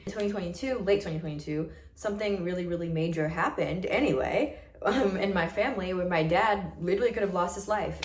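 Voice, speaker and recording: A woman's voice: fairly low pitch, echoey room. A woman in her early twenties telling a personal story to camera in a casual, earnest and emphatic way, full of "like". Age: early 20s. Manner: earnest and emphatic, heavy use of "like". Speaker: vlogger.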